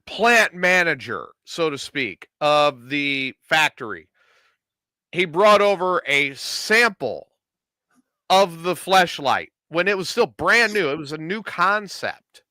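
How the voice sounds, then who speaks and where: Middle-aged male host, animated storyteller, high bright voice, dry close sound. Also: slow pace, no room sound. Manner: animated storyteller acting out quotes. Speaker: podcast host telling a story. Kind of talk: casual storytelling chat.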